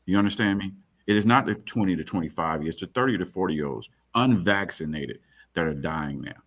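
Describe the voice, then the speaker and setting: A man's voice: sits low, brisk, fairly bright tone. A man speaking on a webinar panel in an earnest way, often repeating words.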